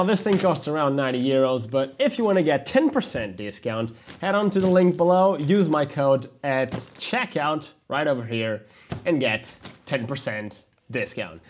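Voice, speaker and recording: Male vlogger, upbeat unboxing read, mid pitch, light background hiss. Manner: upbeat, rambling with restarts. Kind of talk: sponsored unboxing.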